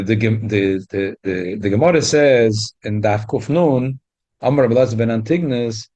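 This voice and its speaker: A man's voice: medium pitch, darkish tone. A man teaching a Talmud class, with stumbling restarts and sudden emphatic rises. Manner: frequent stumbling restarts, rising emphatic jumps. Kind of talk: Talmud lesson.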